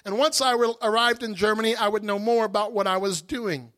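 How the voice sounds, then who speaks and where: A man tells a personal story from a church pulpit, animated and dramatic. His voice sits very high for a man and sounds forceful and bright. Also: a little fast. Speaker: guest speaker giving testimony. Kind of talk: storytelling sermon testimony.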